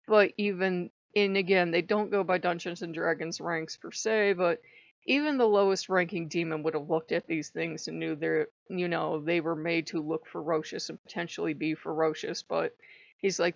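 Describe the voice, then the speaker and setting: In a dull lo-fi recording with no room sound, a spiritual vlogger with a lowish, creaky voice speaks at a moderate pace. She casually rambles through a story and acts out conversations she remembers.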